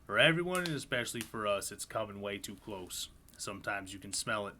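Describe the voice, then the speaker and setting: Man as scared, rough-talking farmer, low and forceful. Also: lively intonation, a little fast, slight background noise. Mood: grim. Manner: rough folksy grammar, grim. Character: frightened uneducated male farmer writing diary.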